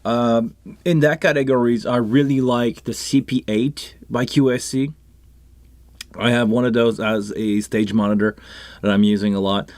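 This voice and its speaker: A man's voice: medium pitch, steady tone, moderate pace, a little mellow, no echo. A man with a French Canadian accent hosting a casual live stream about sound gear, chatting in a rambling way with many restarts and asides. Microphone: live microphone on a console setup.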